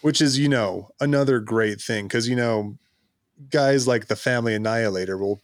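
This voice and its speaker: A man's voice: medium pitch, normal speed, no room sound, clean studio sound. A man co-hosting a podcast who speaks in an exasperated, sarcastic way. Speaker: podcast co-host. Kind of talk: casual political chat.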